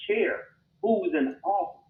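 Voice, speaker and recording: Man co-host, earnest and halting, heard over a thin phone-like line with room echo. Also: high voice, expressive. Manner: earnest, stammers and repeats words. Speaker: podcast co-host. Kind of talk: heated debate. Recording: tinny phone-like remote line, roomy.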